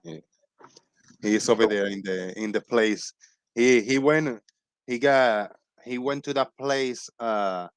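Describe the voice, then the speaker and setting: A man's voice: lowish voice, no room sound. A man hosting a livestream, chatting casually about family in a loose, rambling way with frequent laughs. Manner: animated, laughs often, loose rambling talk. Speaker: livestream host. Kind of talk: casual chat.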